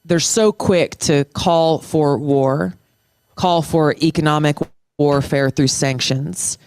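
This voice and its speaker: Middle-aged veteran guest: earnest, impassioned, smooth-voiced, on a dry close mic. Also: medium pitch, fairly even intonation, darkish tone, no room sound. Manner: impassioned, restarts phrases, slows down for emphasis. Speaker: guest, military veteran and former state lawmaker. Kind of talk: earnest conversational interview.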